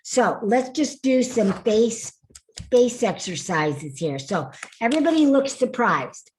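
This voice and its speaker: A woman's voice: fairly high pitch, animated, takes it slowly, darkish tone, slight background noise. A woman coaching a group through voice and face exercises in an online workshop, upbeat and laughing often. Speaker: speaking coach. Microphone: video call.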